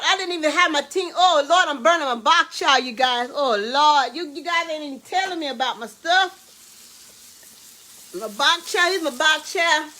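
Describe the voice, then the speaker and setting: Excitable high-voiced woman cooking live. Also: a little hiss or hum. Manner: excitable, exclaims with food, talks to viewers as y'all and baby. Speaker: home cook hosting a live cooking stream. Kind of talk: casual live cooking chat. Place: home kitchen.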